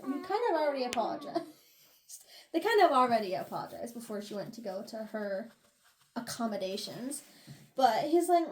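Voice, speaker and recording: Woman podcast co-host, high bright voice, chatty, animated recap of a novel. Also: normal speed, long pauses. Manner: animated recapping, swears and laughs. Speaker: book review podcast co-host. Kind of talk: casual chat.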